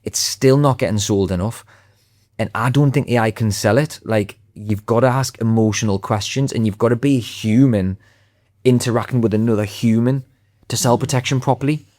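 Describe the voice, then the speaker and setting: A man's voice: mid-range voice, normal speed, a little mellow, dry recording, clean studio sound. A man speaking as a podcast guest, confident and emphatic in easy conversation. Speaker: podcast guest, sales trainer. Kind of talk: podcast interview.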